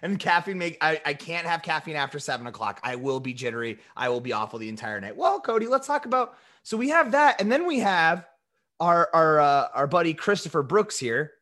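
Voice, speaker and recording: An animated male podcast co-host, his high voice swooping widely as he jokes. He sounds bright and forward, often tripping over restarts in loose banter. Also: fairly quick. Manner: animated, joking, frequent restarts.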